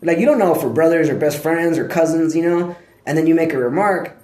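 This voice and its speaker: Guy rambling on his vlog, kinda high voice, swears a lot, slangy, roomy echo behind him. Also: a little fast, a little mellow. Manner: profane, slangy, digressive, breaks off to scold his dog. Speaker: vlogger. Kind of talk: rambling casual monologue. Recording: echoey room.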